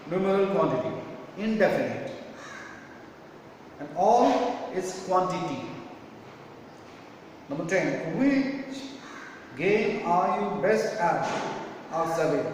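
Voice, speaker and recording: A male teacher correcting grammar homework, slowly reading sentences aloud and spelling words letter by letter. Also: high voice, a little hiss or hum. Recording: echoey room from far off.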